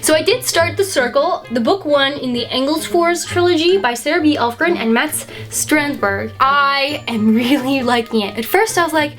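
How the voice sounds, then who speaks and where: High-pitched girl doing a casual book vlog, slangy and joking, says like a lot. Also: moderate pace, few pauses, a bit bright, faint music behind. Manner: chatty and slangy, with frequent likes and playful asides. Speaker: book vlogger. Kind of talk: casual book review chat.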